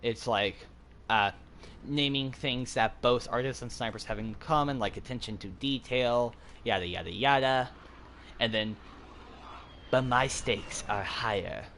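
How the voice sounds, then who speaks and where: A young man hosting a gaming channel, chatting casually with friends while he plays and bursting into excited yelps and laughs. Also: mid-range voice, normal speed, a little hiss or hum. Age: young adult.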